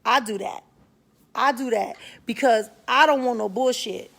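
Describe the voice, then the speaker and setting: Woman w/ doing a casual spiritual talk stream, blunt and slangy, kinda high voice. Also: unhurried, vocal fry, fairly bright tone. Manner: frank, slangy, greets viewers by name mid-sentence. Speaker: spiritual talk show host.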